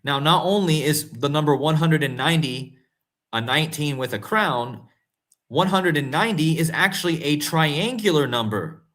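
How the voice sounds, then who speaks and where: Male host, casual commentary, excitable and emphatic, voice slightly high. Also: moderate pace. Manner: excitable, rising to incredulous emphasis; talks to viewers directly, often calling them guys and folks. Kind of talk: casual conspiracy commentary to camera.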